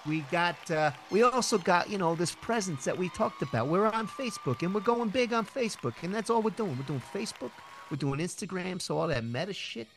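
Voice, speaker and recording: Lively, joking male podcast co-host. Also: high-pitched, fairly quick, few pauses. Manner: profane, jokey, rambling. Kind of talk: casual banter.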